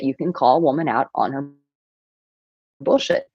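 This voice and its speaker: A woman in her thirties, a dating coach, talking casually to camera with animated storytelling and playful asides. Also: extremely low pitch, unhurried, breathy edge, no echo, highs cut off. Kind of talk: casual advice talk to camera.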